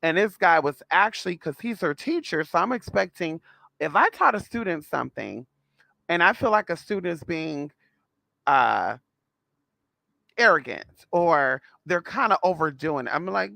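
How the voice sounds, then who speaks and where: A man's voice: fairly high pitch, very animated, moderate pace, gravelly, pushed and bright, dry recording. A man telling a story to his viewers in a sassy, blunt, casual way, calling them girl and honey. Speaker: spiritual vlogger.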